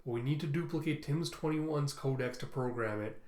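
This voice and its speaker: Brief: man voicing a commanding general, measured and solemn, roomy echo. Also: mid-range voice, a little mellow, natural voice. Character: commanding older male general, grave and ruthless.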